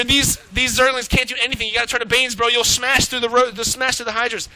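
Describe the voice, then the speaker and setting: Brief: male esports caster, high and very bright voice, excitable, profane play-by-play. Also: low-quality recording. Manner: excitable, swearing, rapid reactions. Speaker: esports shoutcaster. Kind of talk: live play-by-play game commentary.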